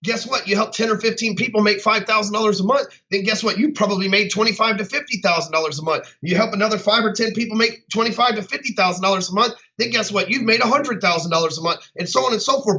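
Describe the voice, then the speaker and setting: A man's voice: high voice, fast, hardly any pauses, bright, forceful tone, highs cut off. A man who works as a business coach, ranting bluntly and profanely to camera. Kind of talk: unscripted rant to camera.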